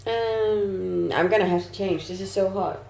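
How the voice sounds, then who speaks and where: A woman's voice: medium pitch, steady tone, unhurried, creaky, darkish tone. A young woman from Denmark with a shifting Danish and Australian-tinged English accent, chatting casually on a live stream and laughing often. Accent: mixed Danish and Australian-tinged English. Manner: chatty, laughs often, answers chat messages. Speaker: livestreamer reading chat. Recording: echoey room, faint noise.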